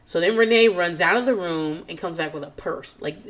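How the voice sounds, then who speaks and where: A woman hosting a podcast recaps a reality show in casual chat, talking fast and loose, swearing a lot, and calling herself nervous and on edge. She's animated, dropping into low muttered asides and then jumping up into high, squealing mock quotes of the people she's describing.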